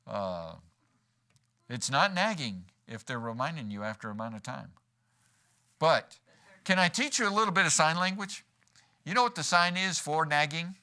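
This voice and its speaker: A man's voice: fairly high pitch, expressive, moderate pace, pauses often, sharp tone, clear, resonant tone. A man preaching a sermon in a church, folksy and joking, acting out quoted lines as he goes. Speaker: pastor. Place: church sanctuary.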